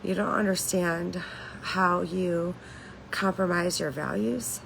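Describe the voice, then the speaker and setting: A woman's voice: on the low side, fairly even intonation, slow pace, vocal fry, fairly bright tone, a little hiss or hum, low-quality recording. A woman hosting a casual livestream from home, talking candidly in a rambling way, swearing freely and laughing between lines. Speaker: livestream host.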